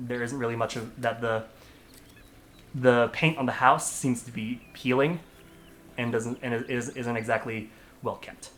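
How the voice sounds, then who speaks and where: A man narrating as dungeon master in a tabletop game, halting and restarting often. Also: mid-range voice, fairly even intonation, a bit bright, a little hiss or hum.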